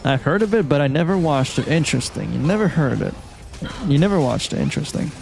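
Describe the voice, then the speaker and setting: A man's voice: fairly high pitch, quick pace, creaky. Chatty male game streamer. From Malaysia. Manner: relaxed, chatty, reads and answers chat. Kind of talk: casual live-stream chat. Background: faint game music.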